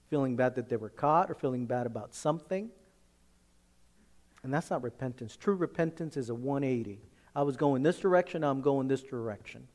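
Speaking a little fast in a medium-pitched voice, a pastor delivers an emphatic sermon. He alternates forceful, loud passages with quiet, hushed ones.

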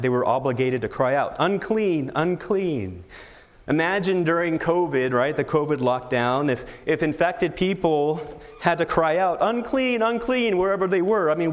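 A man's voice: on the high side, big-room sound. A man preaching a sermon, emphatic, with rhetorical questions. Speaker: pastor.

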